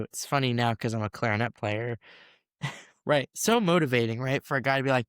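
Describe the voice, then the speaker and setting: A young man in his twenties, a new band teacher, chatting in an interview and telling stories with animated voices for the people he quotes. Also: mid-range voice, normal speed, no echo, studio quality. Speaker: first-year band teacher, guest. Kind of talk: casual interview storytelling.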